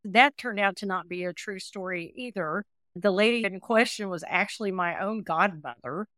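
A woman's voice: medium pitch, normal speed, no room sound, studio quality. A woman in her sixties, a podcast guest, telling her own life story earnestly and vividly, often acting out what people said. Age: 60s. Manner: earnest, animated retelling with quoted dialogue. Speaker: interview guest, adoptee. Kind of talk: emotional personal storytelling.

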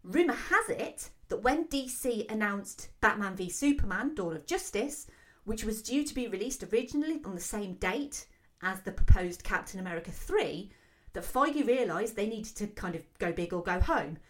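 A woman hosting a solo film commentary show, talking quickly and excitedly with frequent fillers. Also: medium pitch. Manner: fast, excitable talker with many fillers. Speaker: film podcast host.

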